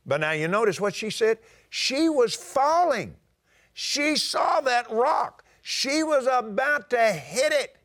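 An older man preaching a sermon in a folksy storytelling way, now and then rising to a shout. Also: very high voice.

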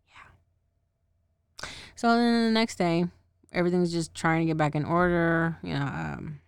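In a gravelly, lowish voice, a woman slowly recaps a show for her podcast, leaving long pauses. She rambles, swears, laughs often, and loses track of names and details. Her tone is clean, and the studio sound is clean with no room sound.

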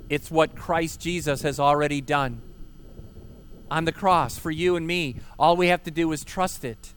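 An earnest man preaching a sermon outdoors, his voice sitting a little high for a man. He presses his points with rhetorical questions and emphatic repetition. A faint hum of open-air ambience runs beneath him. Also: fairly even intonation, measured pace, a bit bright. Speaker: pastor. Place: outdoor park service.

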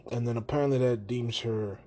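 Podcast host, male, loose profane recap of a film, average pitch, light room noise. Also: a little fast. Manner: profane, animated retelling with put-on quoted voices. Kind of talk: casual movie rant.

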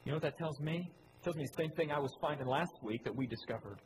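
A man preaching a sermon, repeating key phrases, asking the congregation questions, and swinging between loud emphatic lines and low quiet ones. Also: quick pace, background noise. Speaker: pastor. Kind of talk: sermon with slides.

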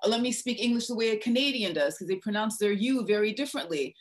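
A woman's voice: mid-range voice, expressive, fast. A woman from Côte d'Ivoire speaking bluntly and with irritation in a casual podcast discussion.

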